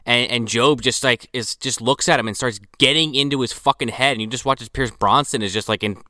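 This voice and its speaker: Dude on a podcast going through a movie plot, bright smooth voice, swears a lot. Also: male voice, medium pitch, no room sound, clean studio sound. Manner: profane, fast storytelling with fillers. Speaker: podcast co-host. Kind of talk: casual chat recapping a film.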